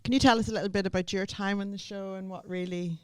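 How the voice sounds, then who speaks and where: A woman's voice: medium pitch, steady tone, fast talker, a little mellow, clear, resonant tone, dry recording. A woman radio presenter hosting a casual interview in a bubbly, encouraging way.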